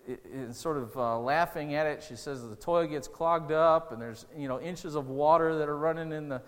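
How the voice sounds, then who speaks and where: A man preaches a sermon, earnest and conversational, pushing up into emotional peaks. His voice sits a little high for a man. It rings with the long reverb of a church hall. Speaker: pastor.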